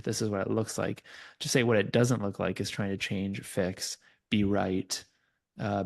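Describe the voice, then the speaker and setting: A man's voice: lowish voice, vocal fry, darkish tone. A man, a coach as a podcast guest, earnestly explaining his ideas in a conversational teaching style and giving examples.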